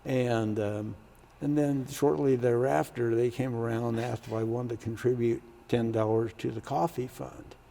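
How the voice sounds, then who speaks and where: Gravelly older man telling a story. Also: mid-range voice, fairly even intonation, normal speed. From Kansas, United States. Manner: storytelling, acts out quoted voices loudly. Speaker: former state senator, interviewee. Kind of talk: oral history interview.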